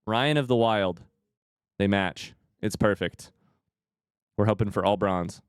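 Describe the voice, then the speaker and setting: A young adult man hosting a casual live stream, talking to chat and swinging from hushed remarks to loud excited outbursts. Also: lowish voice, takes it slowly, clean tone, dry recording, studio quality. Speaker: streamer host.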